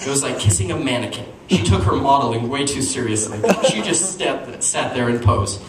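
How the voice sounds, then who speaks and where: A young man performs stand-up, spinning a self-deprecating dating story and leaping into higher voices for the quoted bits. His voice sits at an ordinary middle pitch. It is picked up from a distance, with a roomy echo and a steady buzz of audience noise behind him. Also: a little fast. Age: young adult. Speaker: stand-up comedian. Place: small venue with audience. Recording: echoey room, distant mic, audience noise.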